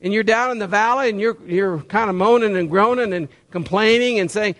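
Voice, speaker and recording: A man's voice: high-pitched, a little fast, hardly any pauses, a bit bright. A man preaching a sermon, folksy and conversational, firing rhetorical questions at the congregation. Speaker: pastor.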